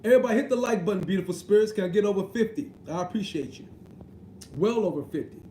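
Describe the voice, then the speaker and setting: A man's voice: high-pitched, fast, warm tone, echoey room, a little hiss or hum, poor audio. A man, hosting a casual live stream, reading chat messages and joking around with a slangy, easygoing way of talking. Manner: joking, slangy, repeats "you know what I mean". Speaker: livestream host reading chat.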